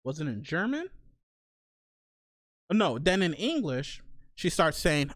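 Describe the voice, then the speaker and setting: A young man hosting a podcast, telling stories in slangy, animated casual chat. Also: on the high side, a little slow, long pauses, no room sound. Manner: slangy, animated storytelling with laughs. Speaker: podcast host.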